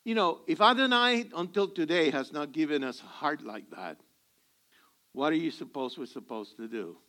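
A man's voice: a little high, animated, moderate pace, pushed and bright. A male pastor preaching to a congregation, telling humorous stories and acting out bits of dialogue. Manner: humorous storytelling, acts out dialogue. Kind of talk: sermon.

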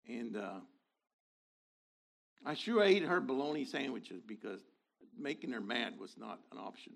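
A man in his sixties preaching a sermon, animated, dropping to low asides and rising to loud exhortation. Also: moderate pace, vocal fry, pauses often.

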